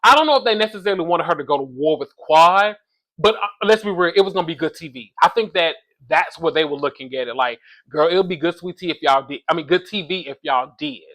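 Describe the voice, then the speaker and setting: Sassy bright-voiced man reviewing reality TV. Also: a little high, fast talker. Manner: sassy, animated, calls listeners baby and y'all. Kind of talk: casual chat.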